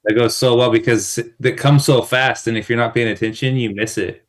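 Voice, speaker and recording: Playful man chatting fast. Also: medium pitch, fairly even intonation. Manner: quick, laughing, playful. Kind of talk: casual chat.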